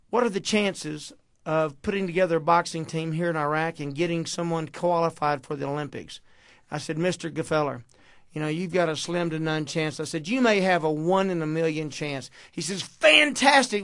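A man with a rough, gravelly voice sits slightly above the usual pitch. He tells his stories with folksy color, acting out the dialogue. The sound is dry and close. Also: dry recording. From Houston, Texas. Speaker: boxing coach. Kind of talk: storytelling interview.

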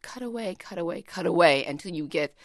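Casting: low-pitched woman, poet guest in a dry radio studio, eager and expressive. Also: a little fast, no room sound. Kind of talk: radio interview.

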